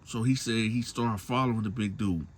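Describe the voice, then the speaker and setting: A man's voice: lowish voice, steady tone, moderate pace. A man retelling a story in a loose, slangy way, often tagging lines with a question. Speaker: storyteller host. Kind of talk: casual storytelling.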